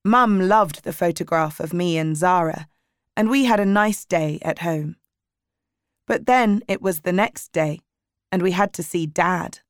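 A woman narrates a chapter book in a measured, clear way. Her pace is slow, her voice is a little low, and the sound is dry and close. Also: dry recording. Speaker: audiobook reader. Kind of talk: scripted narration of a graded reader.

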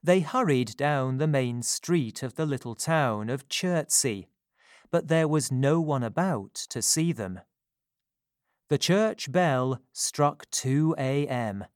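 A storybook narrator reads in an animated way but keeps the pace deliberately slow and measured. The middle-pitched voice is recorded close and dry, with no room sound.

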